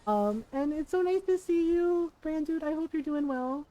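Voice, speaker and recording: A woman's voice: high-pitched, lively intonation, moderate pace, mellow, muffled recording. A middle-aged woman streaming a game, chatting casually in a rambling, self-deprecating way and laughing often.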